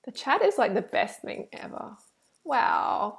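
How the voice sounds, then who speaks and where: A woman reacting to a video and reading her live chat, animated and preachy, full of "like" and "you know". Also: mid-range voice, a little slow, gravelly. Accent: Australian. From Australia.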